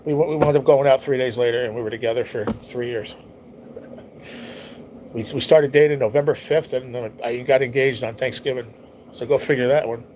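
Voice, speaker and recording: A man's voice: mid-range voice, steady tone, moderate pace, darkish tone, a little hiss or hum, poor audio. A man hosting a livestream, telling a personal story in a rambling, heartfelt way and swearing often. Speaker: livestream host. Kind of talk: casual storytelling to a live chat.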